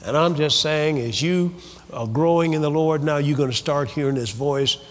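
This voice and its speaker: A man's voice: a little high, normal speed, long reverb tail. A man preaching a sermon, leading the congregation in call-and-response. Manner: lively, call-and-response preaching with quoted voices.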